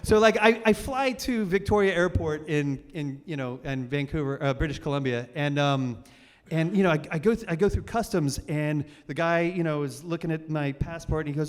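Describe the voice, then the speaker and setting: Story guy hosting live, kinda high voice, rambly with lots of ums, echoey hall sound. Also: lively intonation, brisk. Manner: rambling, self-deprecating, many fillers and restarts. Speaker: storytelling show host. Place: stage of a cultural center hall.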